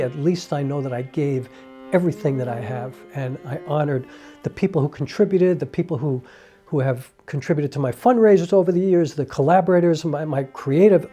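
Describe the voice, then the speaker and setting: A man speaks a heartfelt, reflective monologue to the camera in a fairly high, mellow voice. He talks earnestly, leaning on "you know" as he thinks aloud, while faint violin music plays behind him. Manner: acts out quoted dialogue with raised voice. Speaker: independent filmmaker and playwright.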